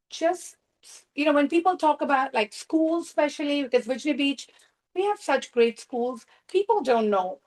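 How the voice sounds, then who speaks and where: A woman real estate agent telling a story at a team meeting, animated, acting out quoted dialogue. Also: high-pitched, poor audio.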